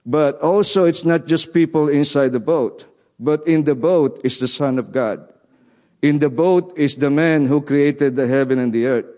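A man's voice: on the high side, a little slow, dark tone. A man preaching a sermon in earnest, repeating his key phrases, with non-native grammar. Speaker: guest preacher.

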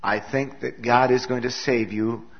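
A man preaching a sermon, his volume swelling and then dropping very soft as he tells a story. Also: mid-range voice, steady tone, unhurried. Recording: dull lo-fi recording.

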